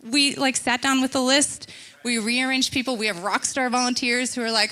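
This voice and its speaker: A woman giving a sermon in a chatty, animated way, telling personal stories and laughing often. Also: fairly high pitch, fairly quick. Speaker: church speaker. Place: church stage.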